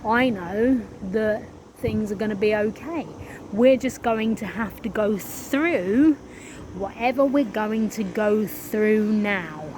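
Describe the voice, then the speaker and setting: A woman's voice: medium pitch, slow, background noise. A woman speaking in a casual spiritual monologue, earnest and drawn out, swearing freely. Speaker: spiritual vlogger.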